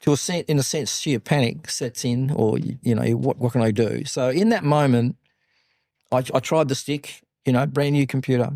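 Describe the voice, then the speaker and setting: An older man with an Australian accent, a podcast guest telling business stories in a lively, blunt, salty way. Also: mid-range voice, normal speed, gravelly, no echo, clean studio sound. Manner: animated anecdotes, blunt and salty. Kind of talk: casual interview storytelling.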